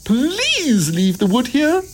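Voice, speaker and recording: A man voicing a group of tiny garden insects in a storybook, slow and pleading. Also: very high voice, huge pitch swings, a little hiss or hum, voice pushed up, heavily acted.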